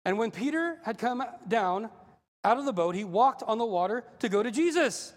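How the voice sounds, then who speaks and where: A male pastor preaching a sermon, animated and acting out the voices in the story. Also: extremely high pitch, moderate pace. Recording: long hall reverb.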